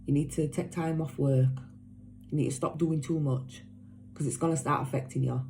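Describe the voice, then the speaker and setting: A woman's voice: low voice, fairly even intonation, normal speed, warm tone, a little hiss or hum. A woman giving a casual tarot reading to her viewers, talking emphatically and bluntly, swearing, repeating herself and caring. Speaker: tarot reader.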